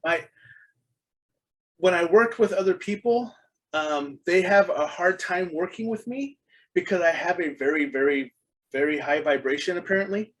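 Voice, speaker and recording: A middle-aged man talking as a podcast guest, with a voice a bit higher than most men's. He tells his stories earnestly, circling back with ums and restarts. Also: normal speed, rough recording. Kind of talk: casual interview chat.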